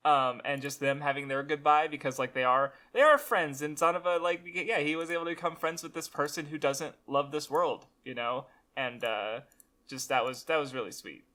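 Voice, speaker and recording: A man in a casual book discussion who talks haltingly, with many pauses and fillers, and laughs along. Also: a little high, bright, forceful tone. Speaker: podcast co-host.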